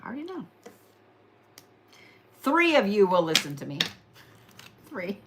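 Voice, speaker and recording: A woman's voice: mid-range voice, sing-song, measured pace, noisy background. A young woman with an Oklahoma accent hosting a casual horoscope reading, tired and yawning, chatty and teasing, repeating phrases for emphasis. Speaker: astrology and reiki livestream host.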